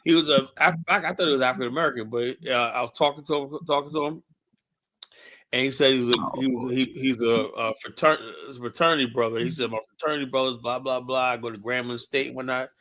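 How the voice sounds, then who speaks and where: A man's voice: mid-range voice, steady tone, fast, sharp tone, low-quality recording. A man hosting a livestream talk show, blunt and emphatic, often profane, telling anecdotes with quoted dialogue. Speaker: livestream host. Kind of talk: casual opinionated talk show. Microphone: online stream mic.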